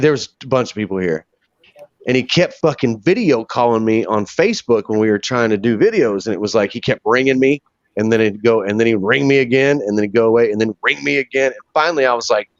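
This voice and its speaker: A man's voice: mid-range voice, no room sound. Swearing guy hosting a chat from his bar, tells stories big, sound is dull and dry. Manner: profane, animated storyteller. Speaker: podcast host. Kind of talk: casual storytelling chat.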